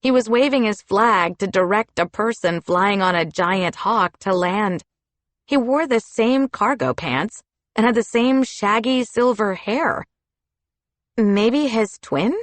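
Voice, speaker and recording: A woman narrating a children's fantasy audiobook in a steady storytelling delivery. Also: mid-range voice, measured pace, no room sound. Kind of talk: scripted narration.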